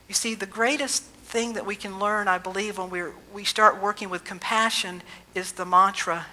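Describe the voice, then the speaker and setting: A woman minister giving a sermon in a gentle, reflective storytelling way, slowing down for emphasis. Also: medium pitch, steady tone, rough recording.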